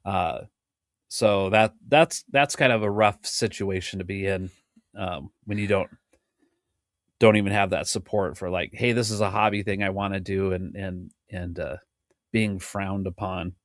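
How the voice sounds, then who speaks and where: A man's voice: low voice, fairly even intonation, measured pace, no echo, clean studio sound. A middle-aged man hosting a podcast and chatting casually, rambling and cutting himself off, with the hiccups. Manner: rambling, self-interrupting, laughs often. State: has the hiccups. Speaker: podcast host and drum teacher. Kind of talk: casual chat.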